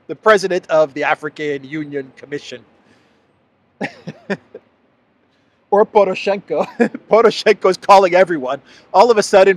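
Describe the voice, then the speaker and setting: A man hosting a solo political commentary show, reading news excerpts aloud and mocking them sarcastically, often restarting his sentences. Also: a little high.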